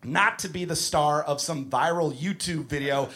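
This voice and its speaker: A man doing a crude stand-up comedy set, ranting and shouting mock arguments. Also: fairly high pitch, moderate pace.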